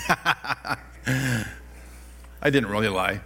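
A middle-aged man preaching a sermon, telling personal stories with animated delivery and self-deprecating laughs. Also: mid-range voice, slow, long pauses. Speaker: pastor.

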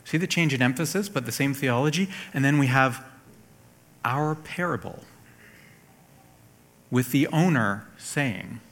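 A man preaching a sermon at a middle pitch. He explains scripture step by step. His voice lifts on the key points and then drops low and quiet. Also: lively intonation, measured pace, pauses often. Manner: explanatory, rises for emphasis then drops soft.

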